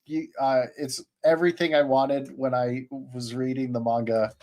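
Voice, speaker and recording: A man's voice: mid-range voice, flat delivery, moderate pace, a little mellow. A man co-hosting a podcast, chatting bluntly and eagerly about anime, swearing freely. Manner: enthusiastic, profane, blunt. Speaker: podcast co-host. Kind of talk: casual chat about anime.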